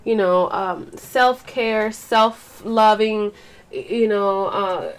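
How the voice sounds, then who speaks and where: This vlogger takes her time, her medium-pitched voice moving slowly as she chats casually to camera. The young woman curses, rambles, mixes in Spanish, and frequently restarts or uses fillers.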